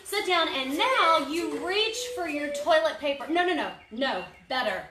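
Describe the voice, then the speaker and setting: A woman's voice: high-pitched, expressive, unhurried. A middle-aged woman, a mother, talking casually as she leads her children through a home demonstration, bossy and playful. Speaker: mother running a home video show. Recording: echoey room, far from the mic, background noise.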